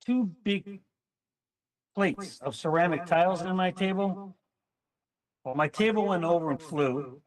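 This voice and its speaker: A man casually telling a story on a chat panel, animated and acting out what people said. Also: sits high, measured pace, pauses often, far from the mic, rough recording. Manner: animated storyteller, acts out quotes.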